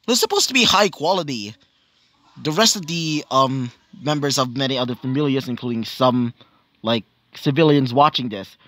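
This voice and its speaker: Brief: man, fairly high voice, casual rambling storyteller, dry close sound. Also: a bit bright, no echo. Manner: rambling and casual, many fillers and self-corrections. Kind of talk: improvised fan-fiction narration.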